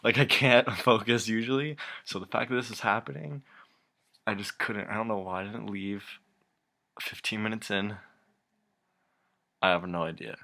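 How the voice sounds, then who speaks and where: Young dude venting, low voice but kinda sharp and bright, rambly, cussing, cracking up. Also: male voice, normal speed, vocal fry, long pauses. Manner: exasperated, rambling, swears a lot, laughs often. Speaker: vlogger. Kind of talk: casual rant to camera.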